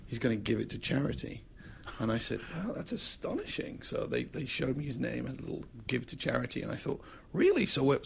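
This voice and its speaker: A man's voice: mid-range voice, gravelly, breathy edge. A man casually telling an anecdote as a podcast guest, acting out the voices of the people in his story. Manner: lively storyteller who acts out the other people in his story.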